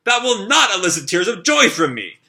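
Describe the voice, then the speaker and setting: A man's voice: sits high, big pitch swings, fairly quick, sharp tone, pitched above the performer's own voice, heavily acted. A man voicing a proud young woman swordfighter, speaking with haughty scorn.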